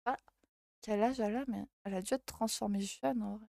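A French woman streaming and reading a visual novel aloud in English, hesitant and halting, often laughing between lines. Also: mid-range voice, steady tone, gravelly, darkish tone, dry recording. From France.

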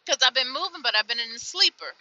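A young woman trucker talks straight into her phone from inside the cab, tired and fed up, her bright, lively voice swinging between low mutters and loud outbursts. The sound is dry and a little dull, like lo-fi phone audio. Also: quick pace, no room sound. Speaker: truck driver vlogger. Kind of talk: venting vlog from the truck cab.

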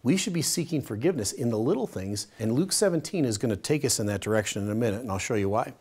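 A man teaching a Bible study session in a conversational, demonstrative way, acting out short everyday dialogues in a softer voice. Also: medium pitch, lively intonation, quick pace, husky. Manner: demonstrative, uses a pen as a prop.

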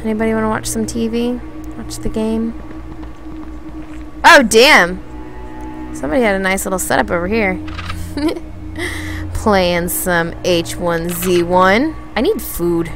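A young woman streaming a survival game, chatting to herself with lots of fillers, slipping into high panicked pleading at times. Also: unhurried, long pauses, over music, low-quality recording. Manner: chatty, filler-heavy, talks to herself while exploring; panicked high-pitched pleading when attacked. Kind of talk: casual live-stream commentary.

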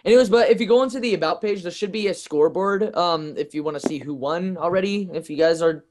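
A man chats with a friend while they play a game online, his voice a touch higher than most men's. He rambles, trails into asides and fills pauses with ums and okays. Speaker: gaming YouTuber. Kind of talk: casual gameplay chat.

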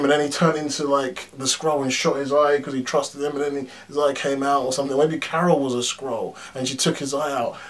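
A man giving a casual film review as a vlog, talking bluntly and animatedly, swearing freely and padding his points with fillers. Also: mid-range voice. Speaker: YouTube movie reviewer.

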